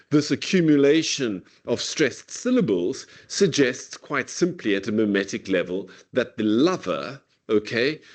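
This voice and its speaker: A male literature lecturer speaking over a video call, mid-pitched and relaxed. He explains verse in a loose, conversational way, tossing in "okay" and "whatever" constantly. He slows right down to read lines of poetry aloud. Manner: casual, peppers speech with "okay" and "whatever"; reads verse aloud slowly and deliberately. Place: online meeting.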